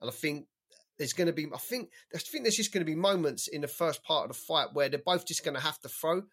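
A man giving a measured, enthusiastic boxing prediction in casual chat. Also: on the high side, fairly bright tone, slightly rough. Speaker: boxing pundit.

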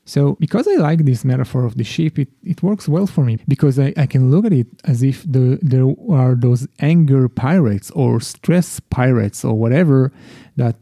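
A man's voice: medium pitch, animated, normal speed, gravelly, mellow, breathy edge, dry recording. A middle-aged man hosting a solo parenting podcast, talking in a reflective, confessional way with frequent restarts. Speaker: podcast host.

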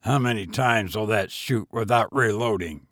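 Curt commanding gentleman read by a male narrator, clipped and low, dry sound. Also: moderate pace, no room sound, lightly acted. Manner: clipped, brusque orders.

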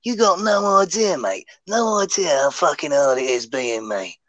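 A man's voice: on the high side, lively intonation, normal speed, a bit bright. A man doing an impression of a swaggering, sweary action-film hard man. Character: tough-talking hard-man action star, male adult, swaggering. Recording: dull, dry sound.

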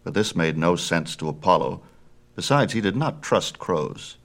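A man reads a myth aloud with measured, expressive storytelling. His voice is very low, yet it rises and falls widely as the tale unfolds. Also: vocal fry. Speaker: audiobook narrator.

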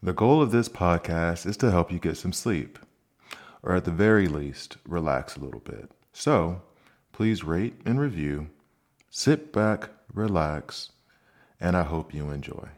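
Man, deep voice, bedtime story narration, soft, slow, soothing, podcast host. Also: lively intonation.

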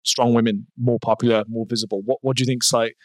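Fast-talking podcast host. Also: male voice, mid-range voice, little pitch movement, no room sound. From Wales. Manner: rambling questions, restarts. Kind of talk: casual podcast chat.

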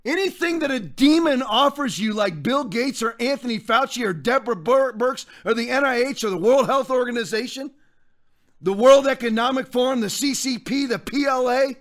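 A man hosting a political commentary podcast, fiery and preacher-like, often breaking into shouts. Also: extremely high pitch, normal speed. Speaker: podcast host.

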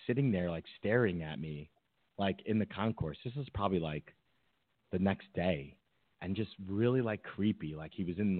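A deep-voiced podcast co-host rambles through a casual story, stumbling over fillers and restarting often. The recording is dry and comes through a thin, phone-like line.

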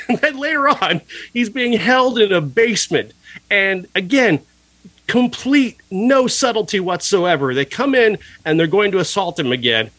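A man co-hosting a casual film review podcast, talking in an animated, profane, mocking way and laughing often. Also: high-pitched, normal speed, dry recording. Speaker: podcast co-host.

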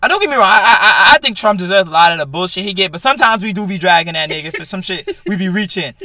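A young man hosts a podcast in casual chat, his voice high and bright. He tells stories with profane, animated energy, and the sound is close and dry. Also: fast talker, dry recording. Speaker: podcast host.

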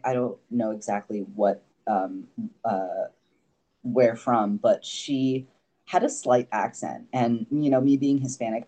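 A man's voice: medium pitch, dark tone. A man guesting on a podcast, telling a long story in a loose, rambling way, full of fillers, casual swearing and little laughs. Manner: laughs often between remarks.

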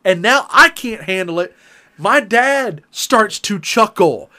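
A man's voice: high-pitched, animated, slow pace, bright, forceful tone. A man on a casual podcast telling a family story, acting out the quotes and laughing often.

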